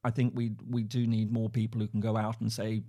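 A man with an English accent, an academic guest on a podcast, speaking in a relaxed, halting way with many restarts and frequent laughs. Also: on the low side. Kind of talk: casual interview talk. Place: at home, remote.

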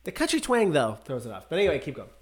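This man talks in a lively, bouncing way, with a voice that sits a little high. He co-hosts a casual chat, guessing at things and often laughing in disbelief. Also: fast talker. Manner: animated, laughs often, incredulous. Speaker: podcast co-host guessing songs. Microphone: headphones and microphone.

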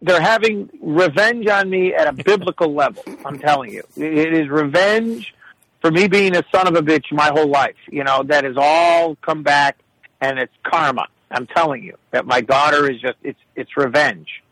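A man ranting comically about his young daughter, animated and profane, full of exasperation. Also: a little high, normal speed, dry recording, low-quality recording. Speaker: guest telling stories about his daughter. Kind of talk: comedic casual storytelling.

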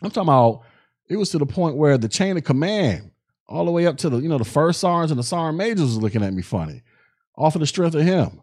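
A man hosts a podcast and spins a rambling story with a lot of swings in his pitch. His voice is warm and dark. He talks loosely, with plenty of slang and profanity, and often stops and restarts mid-sentence. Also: sing-song, fast talker. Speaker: podcast host. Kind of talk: casual storytelling.

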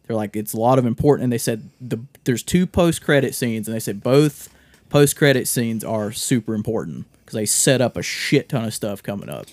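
A man's voice: medium pitch, animated, normal speed, a little mellow, no echo. A man co-hosting a casual podcast, rambling and restarting his sentences and swearing freely. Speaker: podcast co-host. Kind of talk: casual chat.

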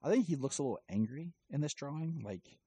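A man's voice: a little high, lively intonation, brisk, dark tone, breathy edge, rough recording. A man casually retelling and reviewing a comic, rambling with many fillers. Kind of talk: casual chat.

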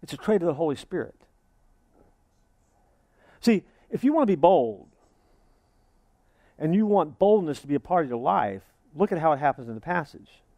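Brief: male preacher, fairly high voice, dry close recording, acts out imagined congregants. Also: lively intonation, moderate pace, pauses often, mellow, dry recording. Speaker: pastor. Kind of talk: sermon.

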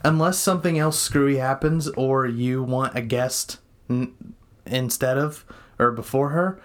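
A man's voice: medium pitch, a little slow, slight background noise. A young man co-hosting a podcast, chatting casually and rambling with lots of ums and restarts, recorded at home. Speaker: podcast co-host. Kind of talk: casual chat. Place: home room.

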